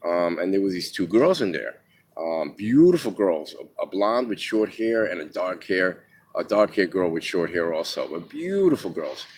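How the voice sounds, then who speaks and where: Man from New York, very low voice, casual rambling memoir, swears, restarts a lot. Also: very animated, moderate pace, a little mellow, slight background noise. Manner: rambling, many ums and restarts, swears freely. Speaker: storyteller.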